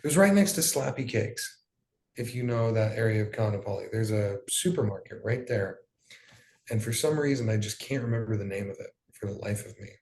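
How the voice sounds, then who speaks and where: A man's voice: lowish voice, expressive, a little fast, a little mellow. A young man giving an emotional personal account as an interview guest, in loose, profane storytelling with plenty of fillers. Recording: roomy echo.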